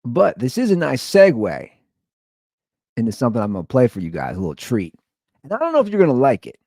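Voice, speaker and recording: A male podcast host talking casually and rambling through a story. His voice swings widely in pitch as he tells it, and the sound is close and dry with no room echo. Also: huge pitch swings, quick pace, dark tone. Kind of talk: casual monologue.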